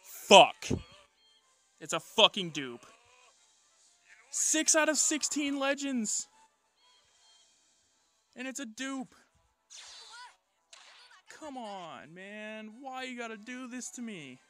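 A man comments in a low mutter while pulling characters in a mobile game. He talks slowly, pleading and cursing under his breath. Faint music plays in the background. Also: big pitch swings. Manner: quiet muttered reactions, swearing, pleading. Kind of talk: gacha pull reaction commentary.

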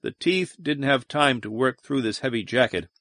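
A man's voice: medium pitch, lively intonation, moderate pace, a bit bright, dry recording, studio quality, lightly acted. A man doing a weary, brooding soldier. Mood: urgent. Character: Donovan, weary hardened male soldier commander.

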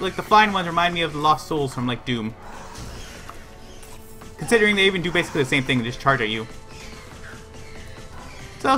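Guy streaming a shooter, bright bouncy voice, chatty play by play with faint music under it. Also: fairly high pitch. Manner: animated, rambling play-by-play talking to himself and chat. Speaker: livestreamer. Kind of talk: live gameplay commentary.

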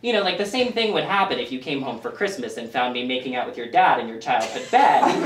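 A man performing a self-deprecating stand-up set with deadpan asides for a small audience in a living room. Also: mid-range voice, fast, hardly any pauses, reverberant, distant mic, over loud music. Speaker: stand-up comic.

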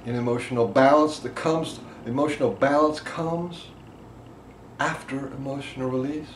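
A man teaching a group about emotional release, impassioned, swinging between loud emphasis and quiet asides. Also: mid-range voice, fairly even intonation, normal speed. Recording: echoey room with faint background noise.

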